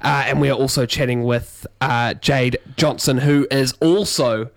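A man co-hosting a radio drive show, relaxed and running through the rundown. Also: medium pitch, unhurried, gravelly. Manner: easygoing, reads show rundown. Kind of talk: casual radio banter.

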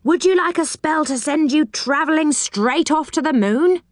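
A woman voicing a grumpy, boastful male goblin who sells spells, gruff and quick to rage. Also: high voice, expressive, dry recording, clean studio sound, pitched above the performer's own voice.

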